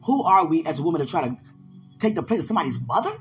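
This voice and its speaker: A woman hosting a podcast, talking casually about faith and preaching in an animated way, laughing often and speaking straight to her listeners. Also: low voice, very fast, faint music behind. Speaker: podcast host, preacher and gospel rapper.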